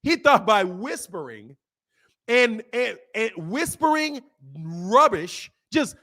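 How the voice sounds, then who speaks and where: A man hosting a boxing channel, talking casually to his camera in animated, slangy commentary with frequent laughter. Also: high-pitched, takes it slowly. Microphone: camera mic.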